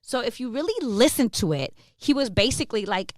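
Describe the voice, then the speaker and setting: A woman radio host telling candid stories in a casual interview, animated and quick to laugh, swearing freely. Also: on the high side.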